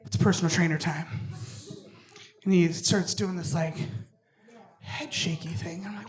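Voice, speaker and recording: A woman's voice: fairly low pitch, steady tone, a little slow, pauses often, roomy sound. A young adult woman doing a stand-up routine on a comedy club stage, brash and swearing, acting out other people with big jumps in her voice.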